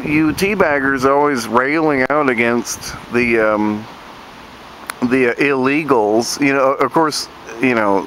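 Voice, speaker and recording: Guy from virginia ranting and cussing nonstop, sneery, slow drawn-out talk, faint traffic behind. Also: a bit bright. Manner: profane, sneering, mocks opponents in shrill put-on voices. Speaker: vlogger ranting to camera. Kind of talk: angry profane rant.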